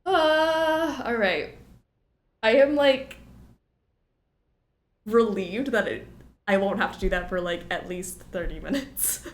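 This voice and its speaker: A woman's voice: mid-range voice, animated, slow, long pauses, roomy sound. A woman streaming a mystery game, joking and rambling, with a stuffy nose from a cold. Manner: jokey, rambling. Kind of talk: casual gameplay commentary.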